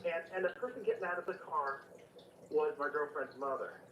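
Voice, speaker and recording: A man's voice: on the high side, fairly quick, fairly bright tone, slight background noise. A man calling in to a radio show to tell a long story, rambling and repeating his words. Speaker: caller. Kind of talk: phone-in storytelling. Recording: echoey, distant, dull radio call.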